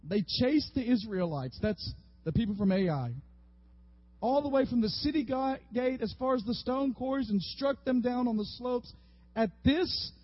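A pastor with an unusually high, husky voice preaches a sermon, animating the story as he goes. The sound is close and dry, with a slightly dull, lo-fi quality. He speaks as a man leading a congregation through a passage. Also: no echo. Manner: animated, acts out biblical figures with rising voice.

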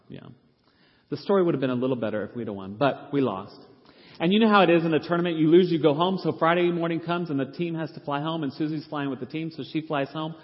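A middle-aged man, a pastor, telling an animated, self-deprecating story from the pulpit and acting out the people he quotes. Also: mid-range voice. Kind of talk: storytelling sermon. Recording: reverberant hall, dull lo-fi sound.

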